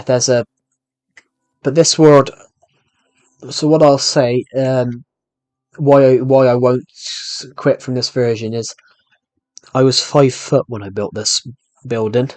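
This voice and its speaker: A man's voice: medium pitch, steady tone, slow pace, pauses often, a little mellow, no echo. A young British man giving casual, rambling gameplay commentary as he answers live chat, self-deprecating and full of restarts. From Britain. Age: young adult. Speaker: gaming streamer. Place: room at home.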